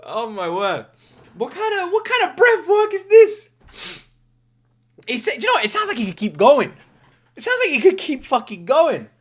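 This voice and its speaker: A woman hosting a casual music reaction, exclaiming loudly, swearing a lot and laughing often. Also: sits high, normal speed, pauses often. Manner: excitable, loud exclamations, heavy swearing, frequent laughter. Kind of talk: casual first-listen reaction commentary.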